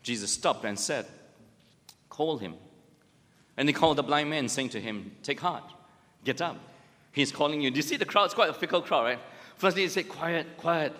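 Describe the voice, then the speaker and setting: A man preaching a sermon, emphatic and full of rhetorical questions. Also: a bit bright. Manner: emphatic, rhetorical questions, rises and drops in pitch. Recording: long hall reverb.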